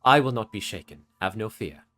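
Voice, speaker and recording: A man voicing a resolute male knight who speaks in a calm, solemn way. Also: lowish voice, fairly quick, soft background music.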